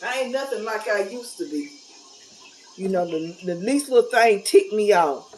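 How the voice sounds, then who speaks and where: A woman's voice: mid-range voice, animated, moderate pace, a little mellow, a little hiss or hum, poor audio. A middle-aged woman talking casually to camera, candid and blunt, with a folksy, preachy manner. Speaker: vlogger.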